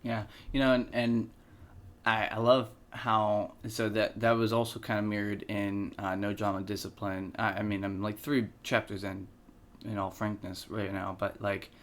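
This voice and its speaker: A man co-hosting a podcast, talking casually with many pauses and restarts. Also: on the low side, level tone. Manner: hesitant, many fillers and restarts. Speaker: podcast co-host. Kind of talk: casual conversation.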